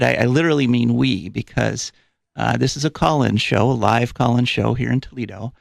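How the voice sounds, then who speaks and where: A man with a medium-pitched, creaky voice hosts a live call-in show in a radio studio, captured on a studio microphone with no room sound. He's chatty and rambling, using fillers and sounding a little out of breath.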